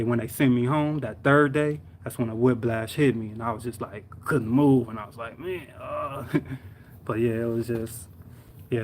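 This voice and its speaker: Rambling young man telling a story. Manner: rambling, slangy, repeats sound words like boom. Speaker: live streamer. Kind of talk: casual storytelling vent. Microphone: live stream mic.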